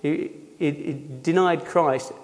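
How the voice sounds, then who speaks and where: A man's voice: fairly high pitch, fairly even intonation. Hesitant man preaching in a reverberant hall. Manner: halting, with many fillers and restarts. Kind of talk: informal sermon.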